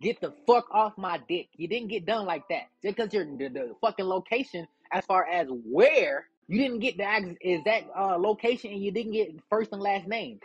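Profane, defiant young man, husky voice. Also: high-pitched, animated, normal speed, hardly any pauses, no echo, muffled recording. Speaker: podcast host. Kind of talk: casual rant to listeners.

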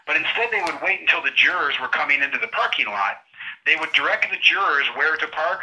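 A middle-aged man telling his own story of his trial in an animated, indignant way, acting out what guards and judges said. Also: fairly high pitch, rough recording. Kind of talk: passionate conversational account.

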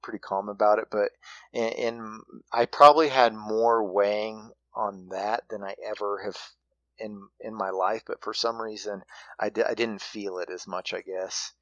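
A man with a very low voice tells a story in a loose, halting way, often restarting his sentences. The sound is close and dry, with no room around it. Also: fairly even intonation, dry recording, dull audio. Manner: halting, with frequent restarts and fillers. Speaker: hunting guest telling a story. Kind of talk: casual storytelling.

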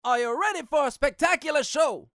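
A woman announcing a show intro in a showy, sing-song, partly shouted way. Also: sits high, brisk, no echo, studio quality. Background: loud hip hop music.

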